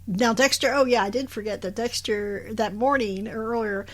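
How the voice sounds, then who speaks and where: A woman's voice: fairly high pitch, moderate pace, fairly bright tone. A woman co-hosting a podcast, recapping a show in casual chat, laughing often and acting out the characters' lines. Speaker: podcast co-host.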